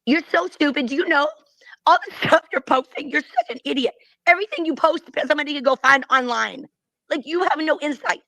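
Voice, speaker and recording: Fast, high-voiced woman ranting. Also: bright, forceful tone, no room sound, low-quality recording. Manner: insulting and dismissive. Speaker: streamer in a played clip. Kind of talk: combative live-stream rant.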